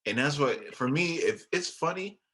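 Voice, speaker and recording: A man's voice: a little high, expressive, normal speed, fairly bright tone, breathy edge. A man co-hosting a podcast in casual chat, blunt and profane, often laughing. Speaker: podcast co-host.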